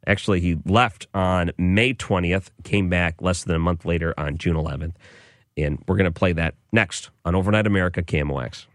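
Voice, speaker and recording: Male radio host, very deep voice, enthusiastic casual delivery, dry close studio mic. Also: fairly quick, dry recording. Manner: enthusiastic, chatty, with restarts. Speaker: overnight radio show host. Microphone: studio microphone.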